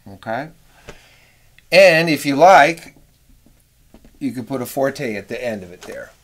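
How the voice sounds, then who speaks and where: A middle-aged man explains horn arranging in a loose, easygoing way, stopping now and then to sing rhythms in scat syllables. His voice sits at an ordinary pitch for a man. He comes across as an unhurried music teacher. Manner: relaxed, rambling, sings rhythms with scat syllables. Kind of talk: casual instructional talk.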